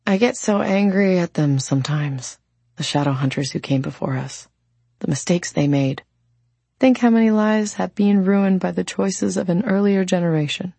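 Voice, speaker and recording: A woman's voice: on the low side, normal speed, creaky, warm tone, husky, dry recording. A woman reading an audiobook voices a caring, wistful immortal young woman in an earnest, heartfelt way.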